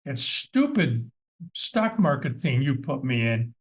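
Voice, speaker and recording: A man voicing his angry older mother, scolding her grown son in a raised, higher voice. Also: sing-song, slow. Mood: indignant scolding. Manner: indignant, scolding.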